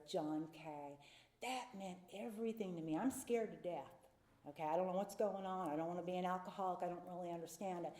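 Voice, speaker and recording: A woman's voice: on the low side, warm tone, roomy sound. A middle-aged woman telling her recovery story at a meeting, candid and confessional, sometimes acting out the voices of people in it. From North Carolina. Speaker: AA speaker. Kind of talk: personal recovery talk from a podium.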